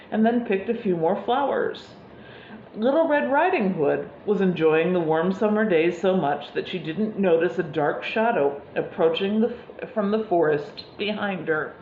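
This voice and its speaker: A woman preacher telling a fairy tale in a sermon, unhurried, with fillers. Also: mid-range voice, slight background noise. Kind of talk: sermon storytelling. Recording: echoey room, slightly dull sound.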